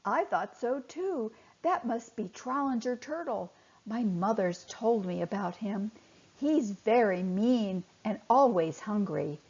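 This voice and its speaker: A woman's voice: mid-range voice, slow pace, slightly rough. A woman voicing a young male fish who urges his friends on, in a children's storybook reading. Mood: worried. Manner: urgent, shouting warnings. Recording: dull lo-fi recording.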